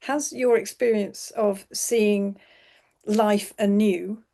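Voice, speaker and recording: Gravelly, mellow-voiced woman interviewer. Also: mid-range voice, fairly even intonation, slow. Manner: rambling, self-correcting questions. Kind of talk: conversational interview.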